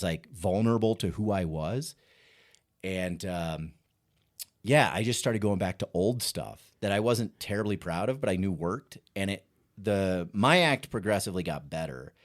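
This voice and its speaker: A male stand-up comedian telling a story as a podcast guest, animated and self-mocking, often laughing as he talks. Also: on the low side, moderate pace. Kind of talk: casual storytelling chat.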